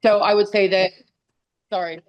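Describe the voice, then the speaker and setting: A woman's voice: medium pitch, steady tone, normal speed, lo-fi sound. Chatty woman on a video call. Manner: candid, chatty, many fillers and restarts. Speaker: guest. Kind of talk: casual interview chat.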